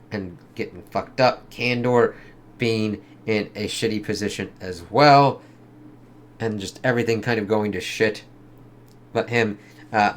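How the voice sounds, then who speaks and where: Man, low voice, casual comic review, rambling, cusses a lot. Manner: rambling, heavy swearing, lots of fillers.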